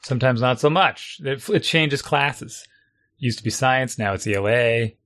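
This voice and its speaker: A middle-aged man in casual chat, a parent venting about homework in an exasperated, animated way. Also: medium pitch, normal speed.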